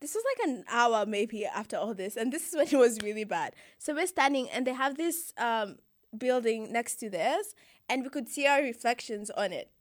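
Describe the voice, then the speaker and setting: A young woman with a high, bright-sounding voice chats casually and tells a long story. She laughs often and slips into quick impressions of the people in it. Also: expressive, no echo. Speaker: guest telling a story. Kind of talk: casual chat.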